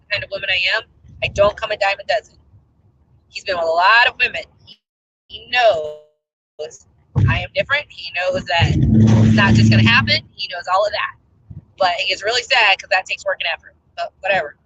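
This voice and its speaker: A young adult woman giving casual relationship advice as a coach, animated and emphatic as she tells stories. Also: a little high, slight background noise, poor audio. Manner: animated, emphatic storytelling with acted-out rants.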